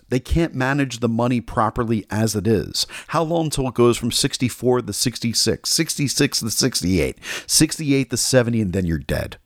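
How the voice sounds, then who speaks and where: A man's voice: medium pitch, animated, moderate pace, dry recording. American guy ranting mad on his political show, sarcastic, dry close sound. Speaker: political talk show host. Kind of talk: political commentary monologue.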